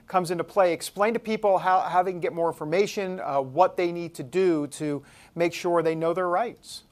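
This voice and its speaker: A man from New York hosting a talk show, joking and rambling, swinging between loud and soft. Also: high voice, steady tone, normal speed.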